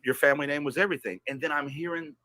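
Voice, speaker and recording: A man on a podcast telling a personal story in a heated, profane way, swinging from loud outbursts to hushed asides. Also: on the high side, fairly even intonation, very fast, no echo. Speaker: podcast guest.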